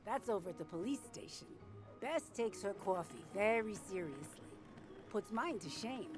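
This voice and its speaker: A woman's voice: mid-range voice, lively intonation, normal speed, over music, close to an everyday voice. Older small-town cafe owner for an actress: motherly, chatty, a little nosy. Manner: gossipy, sweet, calls people dear and hun.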